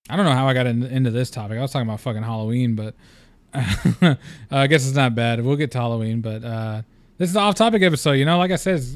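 A man's voice: mid-range voice, clear, resonant tone, no room sound. A young man hosting a solo podcast, talking in a loose, rambling, candid way with lots of fillers and casual swearing. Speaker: podcast host.

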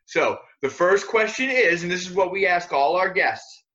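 Male host, bright and sharp, slightly higher voice, dull muffled sound. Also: animated, moderate pace. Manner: upbeat, introduces guests. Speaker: podcast host. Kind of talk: casual chat.

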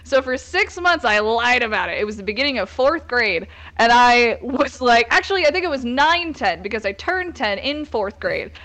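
A woman's voice: on the high side, sing-song, normal speed, few pauses, sharp tone. A young woman hosting a casual group chat, candidly telling a story with lots of laughs and swearing. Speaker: host.

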